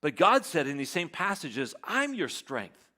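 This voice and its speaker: A man's voice: on the high side, very animated, a little slow, sharp tone. A man preaching a sermon as pastor, dramatically acting out quoted lines of self-doubt.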